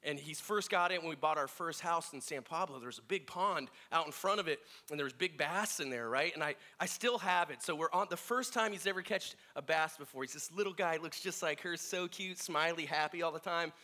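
A man's voice: a little high, a little fast, few pauses. A middle-aged man sharing personal family stories in a reflective sermon, acting out voices as he tells them. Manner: reflective, animated in quoted voices.

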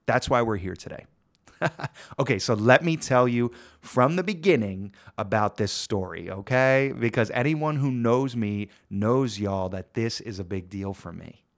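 A man's voice: medium pitch, expressive, measured pace. A man hosting a reflective solo podcast, talking earnestly and repeating phrases for emphasis. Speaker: podcast host.

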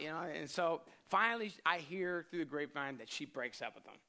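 Pastor guy in his 30s telling a funny dating story in a sermon, bright lively voice. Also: on the high side, a little fast, hardly any pauses. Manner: animated storyteller, self-deprecating, laughs often.

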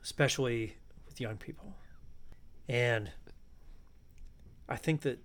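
A man's voice: medium pitch, slow. A middle-aged man, a podcast guest, speaking in a reflective, philosophical way and thinking aloud. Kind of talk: casual conversation.

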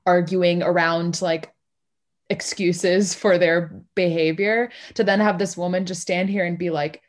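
A woman's voice: on the low side, steady tone, measured pace. Brief: talkative woman musing over a play, loose and rambling. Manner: rambling, full of "like" and restarts. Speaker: play reading participant. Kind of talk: casual literary discussion.

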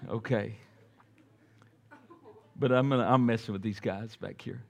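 A man's voice: lowish voice, steady tone, measured pace, creaky, lo-fi sound. Middle-aged male pastor preaching with rising fervor. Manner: conversational preaching that swells to loud emphatic peaks, with joking asides. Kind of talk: sermon. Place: church sanctuary before a congregation.

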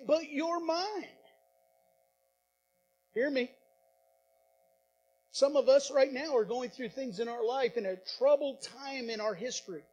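High-voiced impassioned man preaching. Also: a little mellow, slight background noise, poor audio. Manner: impassioned preaching with dramatic pauses and repetitions. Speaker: pastor. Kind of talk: sermon.

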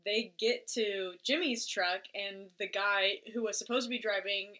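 A woman casually retelling a movie plot, swearing freely and acting out the characters in quick put-on voices. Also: mid-range voice, sharp tone.

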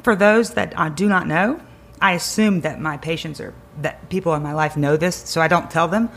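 Emphatic woman with a creaky voice. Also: deep voice, normal speed, a little hiss or hum. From Greenville County area, South Carolina. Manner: emphatic, repeats key words for stress. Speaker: chiropractor guest. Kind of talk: energetic advice-giving conversation.

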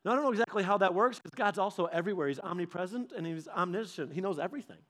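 A man's voice: high-pitched, rapid-fire. A man preaching a sermon in a conversational way, acting out little dialogues. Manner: animated, acts out little dialogues; conversational, with casual fillers. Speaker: pastor.

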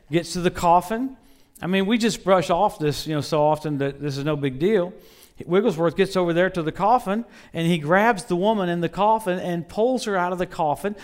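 A middle-aged male preacher with a high voice tells stories from the pulpit. He swings between loud, punchy exclamations and quiet, hushed asides, keeping the sermon lively. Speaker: visiting preacher. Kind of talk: storytelling sermon.

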